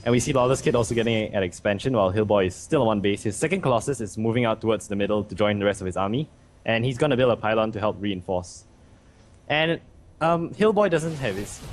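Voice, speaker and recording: A man's voice: fairly low pitch, slight background noise. A man giving live play-by-play commentary on a strategy game, explaining each move steadily. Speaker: game caster.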